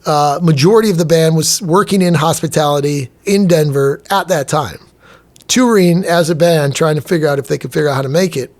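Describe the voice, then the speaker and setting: Brief: middle-aged chef, chatty storyteller, voice sits a touch high, casual delivery. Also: male voice, fairly quick. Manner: animated, acts out quoted dialogue, casual. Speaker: chef and restaurant owner, podcast guest. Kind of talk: storytelling in a podcast interview.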